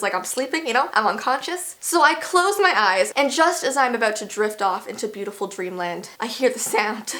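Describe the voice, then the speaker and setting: A woman's voice: fairly high pitch, fairly bright tone. A young woman from Canada telling a dramatic storytime, hyper and chatty. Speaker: vlogger. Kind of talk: storytime vlog.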